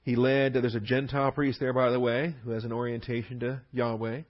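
A man's voice: mid-range voice, flat delivery, fairly quick, muffled recording. A man teaching through a Bible passage verse by verse, leaning hard on key words between fillers and restarts.

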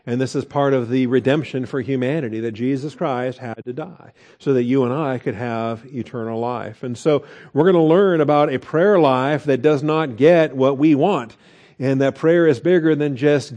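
A man's voice: mid-range voice, moderate pace, a little mellow. A middle-aged man preaching a conversational sermon, asking rhetorical questions and growing emphatic. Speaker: pastor.

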